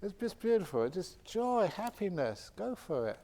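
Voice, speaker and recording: A man, a Buddhist monk and meditation teacher, telling lively anecdotes with laughter during a retreat question-and-answer session. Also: sits high, moderate pace. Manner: animated anecdotal storytelling with frequent laughter. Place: meditation retreat centre hall.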